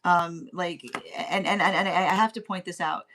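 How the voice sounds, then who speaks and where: Woman doing a tarot reading, lots of like and um, keeps restarting her sentences. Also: on the low side. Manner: halting, repeats words, many fillers; grows animated and laughing. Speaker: tarot reader. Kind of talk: spoken intuitive reading.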